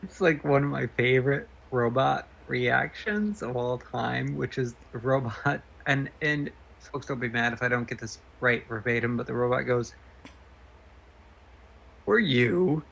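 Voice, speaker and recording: A man guesting on a stream in casual chat, telling stories eagerly with quick asides to the audience. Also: mid-range voice, steady tone, creaky, a bit bright, poor audio.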